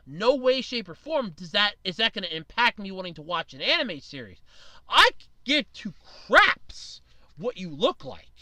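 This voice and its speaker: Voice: mid-range voice, sharp tone, dry recording. A podcast host giving blunt, opinionated solo commentary, swearing casually and rambling with restarts.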